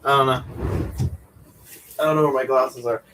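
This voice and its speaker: A man's voice: medium pitch, steady tone, normal speed, a bit bright. Young man rambling while drawing. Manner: meandering, swears casually, many fillers. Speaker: streamer drawing a comic.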